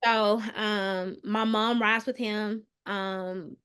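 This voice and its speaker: A woman, a mental health counselor, recounting a painful personal story as a podcast guest, earnest and hesitant with many pauses and restarts, dropping softer on the hardest details. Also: medium pitch, fairly even intonation, smooth. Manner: soft and subdued on painful details.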